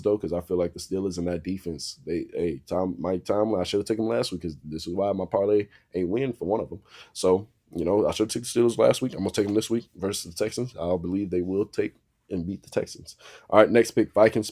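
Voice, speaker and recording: Deep, mellow-voiced man talking football picks. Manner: profane, animated, trash-talking. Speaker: sports talk host. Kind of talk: casual sports talk.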